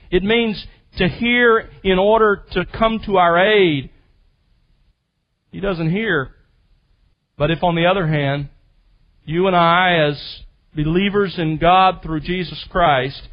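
High-voiced man preaching a sermon. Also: highs cut off. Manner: teacherly, emphatic, slows for key phrases. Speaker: pastor. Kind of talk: expository sermon.

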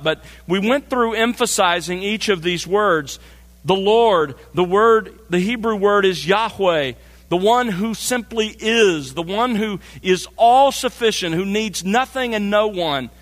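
A man preaching an expository sermon as pastor, measured, slowing down to stress key phrases. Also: sits high, fairly bright tone. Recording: long hall reverb.

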